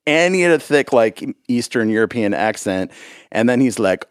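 A man's voice: mid-range voice, lively intonation, moderate pace, no echo, clean studio sound. A man, a musician guest on a podcast, telling a rambling story in casual chat with frequent laughs.

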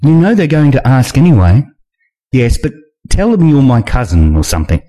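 A man voicing a shy, sweet young woman who talks in hushed, shocked whispers. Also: very deep voice, very animated, normal speed, pitched above the performer's own voice, full character voice. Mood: quiet.

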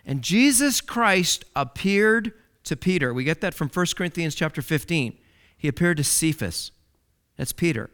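A man preaching a sermon, with dramatic swings from loud declarations to hushed words and key phrases repeated for emphasis. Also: high voice, very animated, normal speed.

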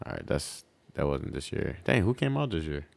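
A man co-hosting a podcast, talking in casual, animated chat and often starting lines with "yo". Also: rumbling low, normal speed, creaky. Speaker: podcast co-host.

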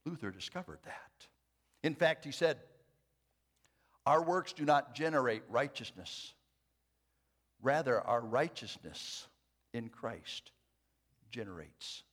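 A man preaching a sermon, moving from hushed, quiet phrases to loud emphatic declarations, with light jokes for the congregation. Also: mid-range voice, very animated, unhurried, long pauses.

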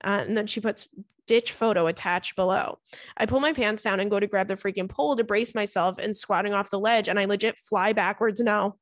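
A woman, hosting a podcast and reading listener stories aloud in an animated, swearing, laughing way. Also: mid-range voice, brisk, no echo, studio quality. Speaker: podcast host.

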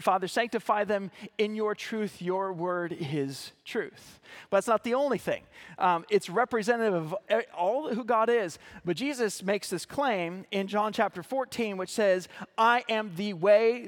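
A man pastor preaching a sermon, reading scripture aloud and explaining it earnestly, with occasional restarts and fillers. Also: high voice.

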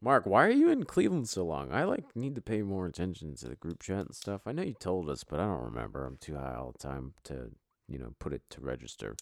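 A man's voice: extremely low pitch, big pitch swings, fairly quick, creaky, no room sound, studio quality. A man hosting a casual podcast, brash and joking, swearing freely as he runs through rankings. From US East Coast. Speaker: podcast host and league commissioner. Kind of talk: casual, profane commentary.

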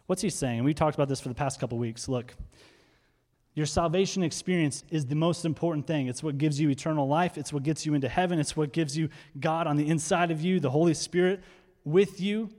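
A man preaching a sermon with high energy, speeding through quick asides and then slowing to stress key words. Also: darkish tone. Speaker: pastor. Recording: hall reverb.

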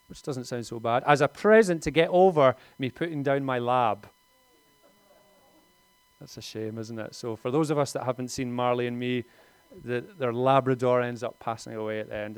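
A man's voice: mid-range voice, clear, resonant tone, dry recording. A man, preaching a conversational sermon in a lightly humorous tone.

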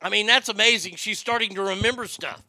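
Bright, gravelly-voiced man riffing on news. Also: high-pitched, fast, dry recording. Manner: wisecracking, drifting into mocking bits. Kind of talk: casual comedic news chat.

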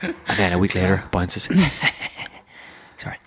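A man's voice: sits low, big pitch swings, takes it slowly, fairly bright tone. Guy on a podcast, casual chat, self-deprecating storyteller. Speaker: podcast co-host.

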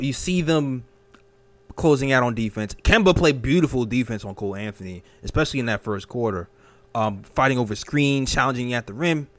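A man hosting a casual sports talk show, animated and emphatic, tossing out questions as he thinks aloud. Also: medium pitch. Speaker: host.

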